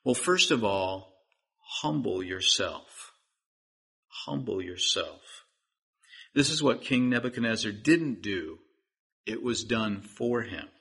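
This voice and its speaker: Pastor guy preaching a sermon, bright voice, a bit husky, pleads with the crowd. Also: medium pitch, lively intonation, unhurried. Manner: earnest, pleading, direct to listeners.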